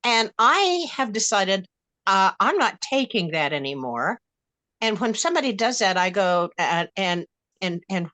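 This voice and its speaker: Blunt, bright-voiced older woman. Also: mid-range voice, animated, moderate pace, no room sound. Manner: blunt, fired-up storytelling with many restarts. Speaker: panelist. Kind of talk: casual panel discussion.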